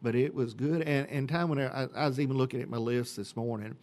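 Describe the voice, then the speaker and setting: A man's voice: mid-range voice, fairly even intonation, a little fast, a little mellow. Folksy man leading a church group. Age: 50s. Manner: folksy, rambling with many fillers and throat clearing. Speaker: church senior adult group leader. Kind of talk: casual radio interview.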